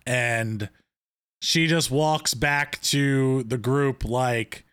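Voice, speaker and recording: A man's voice: medium pitch, very slow, fairly bright tone, smooth, no room sound, clean studio sound. A man co-hosting a casual chat about a TV episode, retelling scenes with enthusiasm and lots of fillers. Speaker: podcast co-host.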